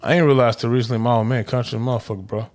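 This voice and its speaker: A man's voice: medium pitch, rapid-fire. A man co-hosting a podcast, telling rambling stories in slangy casual talk. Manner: rambling, animated storytelling with slang and repeats. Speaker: podcast co-host.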